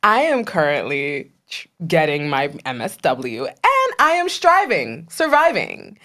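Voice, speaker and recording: Young woman, Trinidad-raised, podcast co-host; animated, laughing, big pitch swings. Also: a little slow. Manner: animated, laughs often, playful asides. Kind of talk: casual chat.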